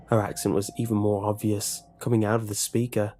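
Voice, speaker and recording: A man narrating a horror story in a steady, measured way. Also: on the low side, soft background music.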